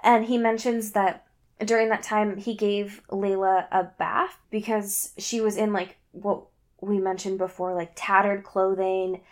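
A woman's voice: medium pitch, little pitch movement, measured pace. A young woman casually recapping a story, laughing often and acting out the characters' lines. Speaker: co-host recapping a book. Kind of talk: casual chat.

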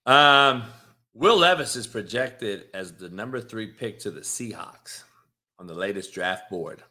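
A man hosting a sports podcast, ranting in a profane, animated, casual way. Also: lowish voice, unhurried. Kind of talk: casual chat.

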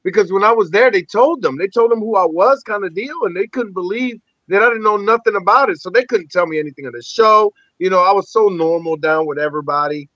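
A man, an actor and army veteran, telling animated, profanity-laced stories as a podcast guest. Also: sits high, quick pace, hardly any pauses, dry recording. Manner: animated, rambling, heavy swearing. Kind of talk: casual storytelling interview. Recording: dull lo-fi dry recording.

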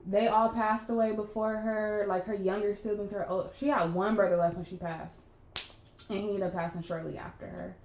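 A young woman co-hosts a casual podcast, speaking at a middle pitch. She tells stories with lively, laughing quotes. The room is echoey, with faint noise behind her. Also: moderate pace. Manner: animated storyteller, acts out quotes loudly with laughter. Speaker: podcast co-host. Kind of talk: casual chat.

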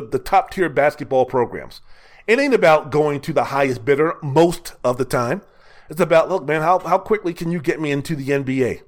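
A man hosts a sports talk show, leaning hard into his opinions with punchy, repetitive, slangy phrasing. His voice sits a touch high for a man, and the delivery stays conversational and insistent. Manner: emphatic, repetitive, colloquial, sings snatches playfully.

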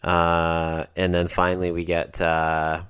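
A man co-hosting a wrestling podcast, talking casually with lots of swearing and bursts of excited shouting. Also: deep voice, slow, clear, resonant tone, dry recording, studio quality. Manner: profane, excitable, laughs often. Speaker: podcast co-host. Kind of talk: casual wrestling recap chat.

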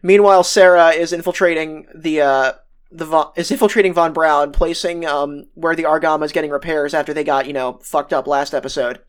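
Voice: mid-range voice, steady tone, fairly quick, clean tone. Rambling podcast co-host recapping episodes. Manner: rambling, retells scenes with swearing and laughter. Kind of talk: casual chat recapping an anime episode.

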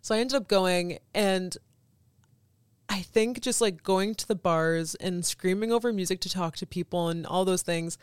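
A woman's voice: fairly low pitch, normal speed, clear, resonant tone, dry recording. Chatty young woman telling a story. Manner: animated, laughing often, lots of "like". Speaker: podcast guest. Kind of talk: casual storytelling.

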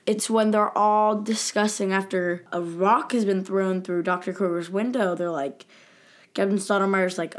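A woman co-hosting a casual recap chat in a relaxed, easygoing way. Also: medium pitch, moderate pace. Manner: relaxed, easygoing, laughs often. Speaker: podcast co-host.

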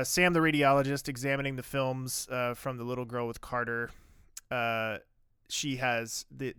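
Smooth, dry-sounding male podcast host. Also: mid-range voice, fairly bright tone, dry recording. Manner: chatty, filler-heavy recapping. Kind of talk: casual chat, recapping episodes.

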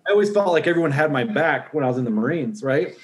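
A man hosting a casual conversation, agreeable and quick to chime in. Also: fairly high pitch, expressive. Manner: agreeable, lots of backchannel.

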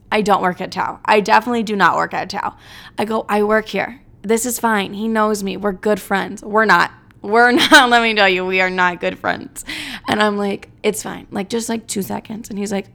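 A woman's voice: medium pitch, fairly bright tone. A young woman hosting a casual monologue, telling rambling stories, swearing freely and acting out what people said. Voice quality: vocal fry. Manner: chatty, rambling, swearing, acts out quotes.

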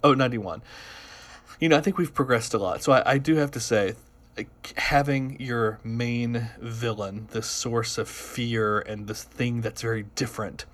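A man's voice: medium pitch, unhurried, fairly bright tone. A man co-hosting a film podcast, chatting casually and hedging with fillers. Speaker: podcast co-host.

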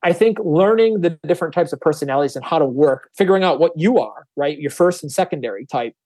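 A man in casual podcast chat who works as a music producer, telling stories fast and acting out other people's voices, with some swearing. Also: a little high, expressive, darkish tone, dry recording.

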